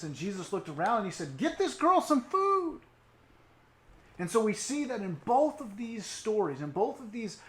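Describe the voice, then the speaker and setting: A youth pastor with a fairly high-pitched voice preaches an online sermon, telling a story expressively. He sinks into hushed tones and rises again, dropping casual asides, and the sound is roomy.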